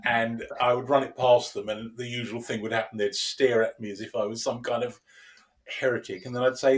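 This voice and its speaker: A man who co-hosts a podcast and works as a lecturer talks animatedly in a conversational discussion, often chuckling and restarting his phrases. His mid-range voice is brisk and sounds recorded from a distance.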